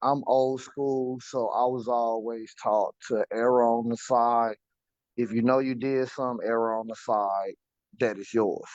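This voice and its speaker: A man's voice: mid-range voice, fairly even intonation, measured pace, darkish tone, no room sound, dull audio. A man co-hosting a casual talk show, speaking emphatically and repeating words for stress. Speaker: podcast co-host. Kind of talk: casual conversation.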